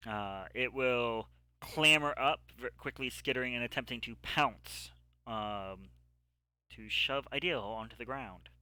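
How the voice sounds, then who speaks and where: Bright-voiced male game master. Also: medium pitch, clean tone, no echo. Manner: halting descriptive narration with many ums. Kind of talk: narrating a tabletop game. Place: home setup, streamed live.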